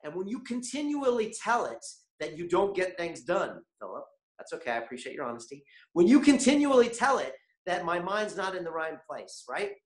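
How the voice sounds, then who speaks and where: Animated man coaching an online audience. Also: high-pitched, a little fast, echoey room. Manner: animated, keeps asking the chat audience questions. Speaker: webinar host. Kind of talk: motivational online masterclass.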